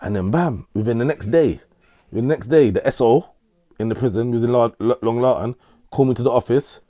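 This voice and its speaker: A man's voice: mid-range voice, brisk, mellow, dry recording. Middle-aged man, interviewee, rambling storyteller, street slang, dry close sound. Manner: rambling, repeats himself, London street slang. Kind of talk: casual storytelling.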